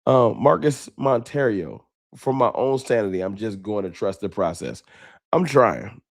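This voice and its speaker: A man's voice: on the low side, expressive, a little slow, vocal fry, dry recording, clean studio sound. A man hosting a late-night sports fan livestream, talking off the cuff with emotion and slang. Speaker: sports fan show host.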